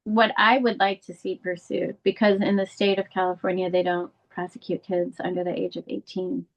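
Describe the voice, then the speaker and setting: A woman's voice: flat delivery, moderate pace, creaky, rough recording. A middle-aged woman speaking candidly as an interview guest, telling a painful family story in an earnest, emotional way. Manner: earnest, candid, rising pitch when emotional. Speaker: guest, bereaved mother and advocate.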